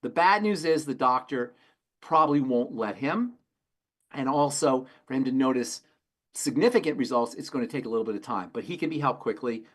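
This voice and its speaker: A man, a pharmacist on a health show, answering questions in an emphatic, rapid-fire way and repeating his key phrases. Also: mid-range voice, animated, a bit bright. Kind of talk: call-in health talk.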